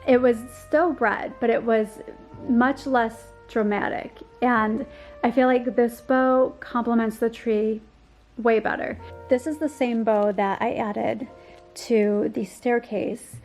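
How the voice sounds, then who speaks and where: Woman, home tour vlogger, slightly high voice, gushing, a bit hoarse, soft music underneath. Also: steady tone, slow. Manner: gushing, enthusiastic, frequent ums and likes. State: slightly losing her voice. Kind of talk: casual home tour narration.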